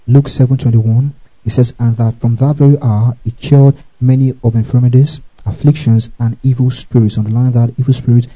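A man's voice: medium pitch, dark tone, rough recording. A man teaching from the Bible, repeating each verse reference, telling listeners to underline words and checking in with "okay?" and "right?".

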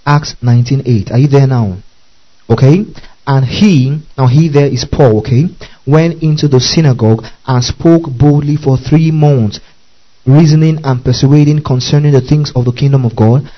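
A man's voice: mid-range voice, normal speed, highs cut off. A man preaching a Bible-study sermon, repeating key words, spelling out Greek terms and often checking in with his listeners.

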